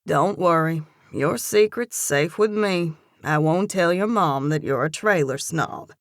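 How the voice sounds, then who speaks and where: A woman's voice: sits low, measured pace, no echo, clean studio sound. A woman voicing a teasing, easygoing young man in an audiobook, with a wry, playful delivery. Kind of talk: audiobook character voice.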